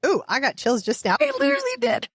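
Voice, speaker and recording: A woman's voice: sits high, wildly swooping pitch, fast, fairly bright tone, no room sound, clean studio sound. A woman co-hosting a casual book discussion podcast, playful and teasing. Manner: playful, teasing, laughs often. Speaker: podcast co-host.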